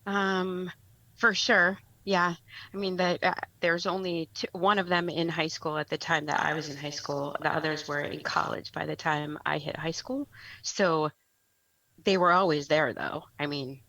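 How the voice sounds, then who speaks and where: A woman's voice: deep voice, fairly even intonation, measured pace, pushed and bright, no room sound, poor audio. A woman in her forties with a Boston accent, a podcast guest chatting casually with wry, self-deprecating humor. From Boston, USA. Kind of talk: casual chat.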